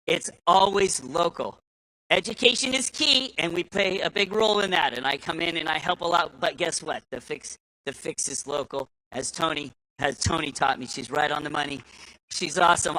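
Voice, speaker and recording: A man's voice: high-pitched, pushed and bright, low-quality recording. A man giving a speech to a live audience, telling folksy stories with repeated restarts and acting out the voices he quotes. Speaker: speaker at a political summit.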